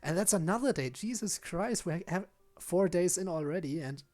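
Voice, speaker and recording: A man's voice: high-pitched, lively intonation, moderate pace, darkish tone. A man streaming a visual novel, reading the hero's lines and chatting with a self-mocking, laughing manner. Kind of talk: playing a visual novel aloud.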